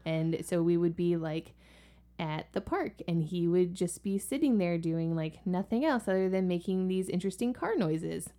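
A woman's voice: on the low side, animated, moderate pace, warm tone. A woman co-hosting a podcast and telling family stories in a casual, chatty way, with lots of likes and ums. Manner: chatty, filler-heavy, many likes and ums. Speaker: podcast co-host and parent. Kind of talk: casual conversational storytelling.

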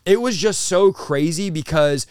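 Pastor guest, thirties, male: animated and fast-talking, slightly high, smooth clear voice, dry close sound. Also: dry recording. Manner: animated, rapid-fire, says bro and dude. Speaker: pastor and revivalist, interview guest. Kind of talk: excited conversational storytelling.

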